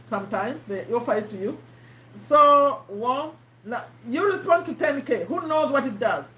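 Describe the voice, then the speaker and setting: High-voiced woman teaching on a live stream. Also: fairly bright tone, reverberant, low-quality recording. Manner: chatty, repeats herself, quizzes her audience. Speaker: host teaching online marketing.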